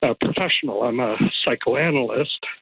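A man's voice: mid-range voice, moderate pace, gravelly, slightly rough, dry recording, narrow, tinny audio. A man phoning in to a radio talk show as a psychoanalyst, slightly out of breath, hesitant and thoughtful with many ums. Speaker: caller, psychoanalyst. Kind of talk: radio call-in.

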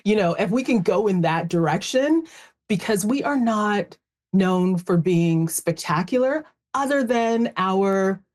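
A woman's voice: mid-range voice, animated, a little slow, darkish tone. Casual Canadian woman panelist. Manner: casual, many fillers. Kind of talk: panel discussion.

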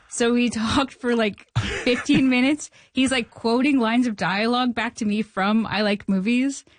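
A woman, a filmmaker guest on a radio show, telling an anecdote in a lively way, acting out the dialogue she quotes. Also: a little high, normal speed, dry recording. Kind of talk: anecdotal interview talk.

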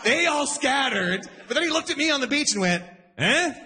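A man in his forties doing a stand-up comedy set, shouting character voices for punchlines. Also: extremely high pitch, expressive, fairly quick, heavy background noise.

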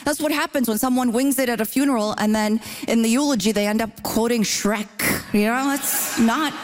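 A woman's voice: a little high, normal speed. A woman from Ontario bantering as a comedy panelist in a chatty, teasing way, on stage before a live audience. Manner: chatty, teasing, tags lines with "you know?".

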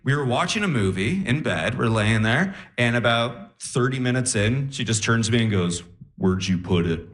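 A man's voice: medium pitch, expressive, normal speed, hardly any pauses, fairly bright tone, a little hiss or hum. A man performing a stand-up comedy routine, telling a story with acted-out voices. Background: audience laughter.

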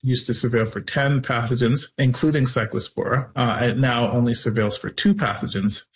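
A man interviewed as an expert in a news clip, explaining deliberately with pauses and fillers. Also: mid-range voice, steady tone.

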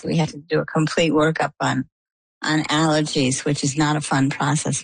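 Poor, dry audio captures a middle-aged woman from Maine whose low voice is husky and full of vocal fry. Being interviewed, she tells a personal story with animation, voicing what others said to her.

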